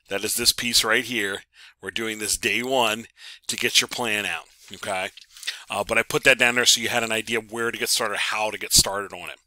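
A man's voice: on the low side, fairly even intonation, fairly quick, sharp tone, no echo. A man teaching a networking class over a screen recording, talking casually with many ums and repeated words. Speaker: networking instructor.

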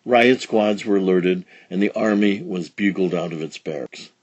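A man reading a children's storybook aloud with expressive, dramatic storytelling. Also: sits low, normal speed, breathy edge, no room sound, highs cut off. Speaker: storybook reader. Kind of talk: children's read-along narration.

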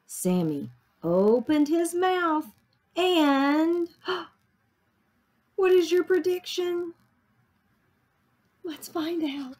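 A woman teacher reading a picture book aloud to children, animated and asking them questions. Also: very high voice, drawn-out words, pauses often. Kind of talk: children's story time read-aloud.

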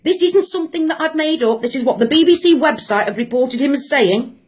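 A woman rants to camera with a high voice that leaps all over the place. She sounds indignant and emphatic, hammering her points home by repeating phrases. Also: animated, brisk, darkish tone. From Britain. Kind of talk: angry opinion rant to camera.

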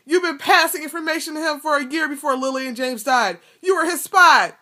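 A woman's voice: high-pitched, fast talker, pushed and bright, voice pushed up. A woman reading aloud and voicing a furious grown man who roars accusations at a traitor. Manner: roaring, accusing. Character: furious grown male wizard confronting a traitor.

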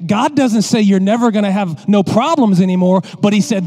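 A male pastor preaching a sermon in an animated, joking way, talking straight to his congregation. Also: high voice, brisk, few pauses, faint music behind.

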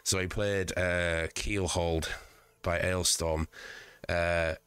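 This man's deep, level voice is slow, a bit bright and clear, with a resonant tone and no room sound. He streams from home with a stuffy cold, rambling profanely in casual chat and laughing at his own jokes.

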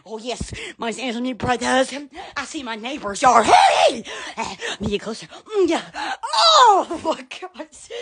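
A woman's voice: high voice, very animated, slow, background noise. Giddy squealing woman. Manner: giddy, squealing, constant laughing exclamations. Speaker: livestream host. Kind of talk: excited livestream chatter. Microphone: phone.

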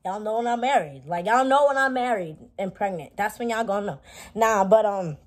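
A woman's voice: medium pitch, fairly quick. A young woman vlogging in a blunt, profane, joking casual chat. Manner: blunt, profane, animated, jokey.

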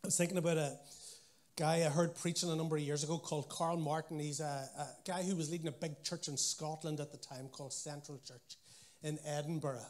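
A man's voice: fairly high pitch, fairly even intonation, fairly quick. A man preaching a sermon, telling stories with animation and acting out what people said.

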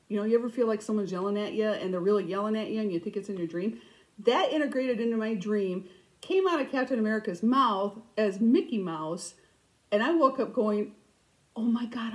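A middle-aged woman hosting a cross-stitch vlog, chatting casually and telling stories with animated, self-mocking humor. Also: mid-range voice, moderate pace, rough recording. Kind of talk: casual storytelling chat.

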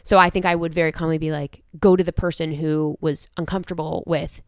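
A young woman co-hosting a podcast in casual chat, emphatic and quick to act out how people would react. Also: low-pitched, fairly even intonation, darkish tone, dry recording, studio quality. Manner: emphatic, acts out quoted reactions. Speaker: podcast co-host.

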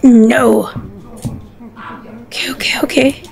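A woman's voice: sits high, steady tone, slow pace, creaky. A woman giving horror game commentary, panicky, yelping and talking to herself. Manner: panicky, yelps and rambles to herself. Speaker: gaming commentator.

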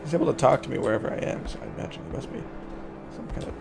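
A man streaming a horror game, shouting profane jokes at the characters and reacting with loud excitement. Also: medium pitch, very fast, gravelly. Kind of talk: live gameplay commentary. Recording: game music underneath. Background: horror game music and sounds.

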